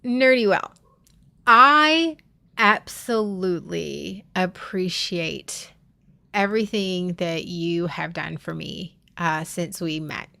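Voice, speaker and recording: A woman's voice: fairly low pitch, animated, slow pace, creaky, sharp tone. A woman live streaming, talking candidly and heartfelt with her viewers, often restarting her sentences. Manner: confiding, swears casually.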